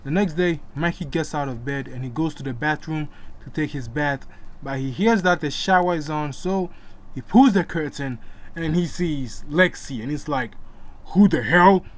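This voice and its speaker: A man's voice: a little high, normal speed. A man casually retelling a comic story, with chatty asides to the listener. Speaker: narrator.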